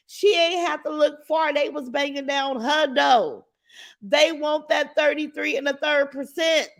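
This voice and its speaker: A woman hosting a casual live stream, talking to viewers with lively exclamations. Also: high voice. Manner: animated, exclaims and repeats, addresses viewers as y'all. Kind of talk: casual live-stream chat reading comments.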